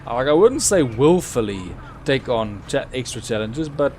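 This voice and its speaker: A young man talks his way through a live game stream in a lively, bouncing voice, rambling casually between sudden excited yelps. A faint hum of noise sits behind him. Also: medium pitch, unhurried, hardly any pauses. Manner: chatty, with sudden excited outbursts. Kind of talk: live gameplay commentary.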